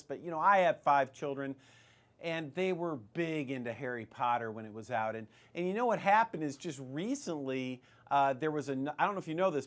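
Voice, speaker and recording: Man, fairly high-pitched voice, rambling casual money-advice host, lots of ums and restarts. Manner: chatty, rambling, with many fillers and restarts. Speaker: financial advice show host. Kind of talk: casual retirement-investing advice talk.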